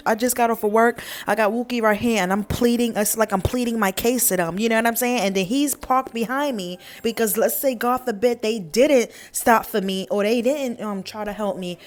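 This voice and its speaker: A young woman telling an emphatic, profane story on her vlog. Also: mid-range voice. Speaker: vlogger.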